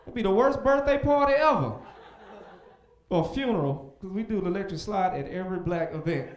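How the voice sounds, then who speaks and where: A young male stand-up comedian performs on a comedy club stage, his high, lively voice moving fairly quickly. He's animated and shouts his punchlines loudly, and the stage sound is echoey.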